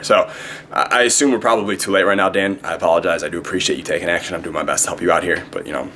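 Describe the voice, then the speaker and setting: A young man talks to the camera like a swaggering dating coach, full of swearing and self-promotion. His voice sits very low and he races through his sentences. A faint hiss hangs behind the recording. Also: bright, forceful tone. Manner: brash, profane, fast-talking. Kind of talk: direct-to-camera advice vlog.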